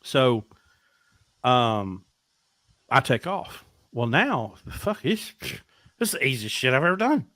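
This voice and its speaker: A man's voice: medium pitch, big pitch swings, slow pace, pauses often, fairly bright tone, dry recording, studio quality. A middle-aged man, a podcast guest telling blunt, profane stories and acting out dialogue. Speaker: podcast guest, truck driver. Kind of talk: casual storytelling interview.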